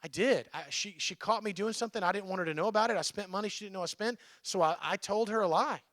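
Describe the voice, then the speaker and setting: Male pastor, dry close sound, bright tone, chatty sermon delivery. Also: high-pitched, fast, no room sound. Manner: conversational, checks in with the crowd. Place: church.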